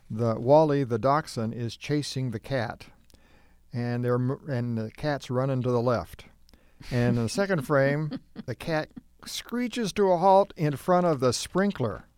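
Smooth-voiced male radio co-host. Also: fairly high pitch, a little mellow, no room sound, clean studio sound. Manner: amused, chuckling between lines. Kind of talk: casual radio chat reading comics.

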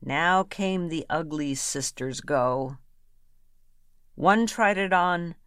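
Woman reciting comic verse, slow and low, dry close sound. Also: fairly bright tone, clean tone, dry recording. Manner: playful, rhythmic delivery. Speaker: reader. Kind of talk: reading comic rhyming verse aloud.

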